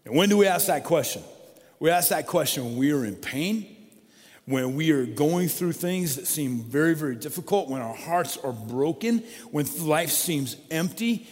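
A man's voice: a little high, animated, moderate pace. A man preaching a sermon in an emphatic way, repeating his key phrases. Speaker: pastor. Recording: long hall reverb.

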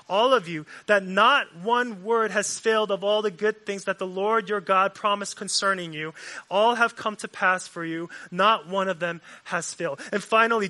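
A man preaching a sermon, repeating lines for emphasis and swinging from forceful delivery to hushed, near-whispered passages. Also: high voice.

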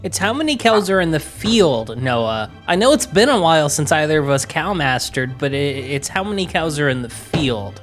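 A man's voice: fairly high pitch, big pitch swings, moderate pace, hardly any pauses, a bit bright, soft background music. A man opening and chatting on a tabletop game podcast, playful and teasing. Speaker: player. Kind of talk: casual tabletop podcast chat.

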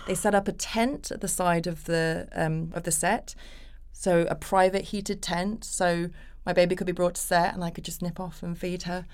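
A woman's voice: lowish voice, moderate pace, hardly any pauses, smooth. A woman, telling stories as a guest on a casual podcast interview and acting out the voices she quotes. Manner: animated storytelling, acts out quoted voices. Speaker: actress guest.

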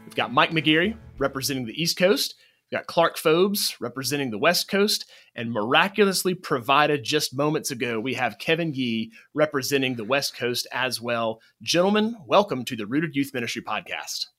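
A man hosts a ministry podcast. His voice is bright and forward, and he sets up each guest in a friendly, lightly joking way. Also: medium pitch, lively intonation, moderate pace, soft background music. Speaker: podcast host. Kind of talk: podcast interview.

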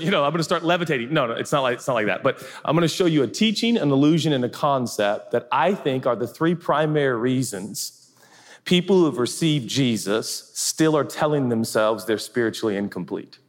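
A man pastor giving a sermon in a large theater, talking in a conversational, humorous and emphatic way. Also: medium pitch. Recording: live hall reverb.

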